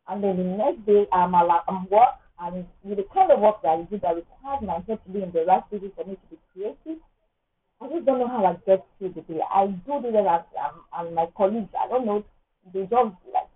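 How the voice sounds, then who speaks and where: A woman, sharing an emotional personal testimony in an earnest, rambling way. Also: medium pitch. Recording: tinny phone-like audio.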